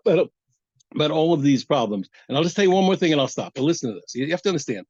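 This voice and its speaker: Rapid, animated man teaching Talmud. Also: on the high side, breathy edge, dry recording. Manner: animated, emphatic, repeats himself. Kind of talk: daf yomi class. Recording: dull, lo-fi, dry.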